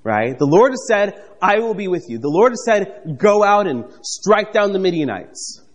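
A man preaching a conversational, animated sermon, reading scripture and acting out the characters with playful asides. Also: high voice, normal speed, in a large hall. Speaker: pastor.

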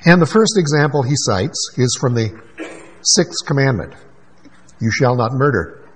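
A man preaching a sermon as pastor, emphatic, with rhetorical questions and quick asides. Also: medium pitch, animated, breathy edge, low-quality recording.

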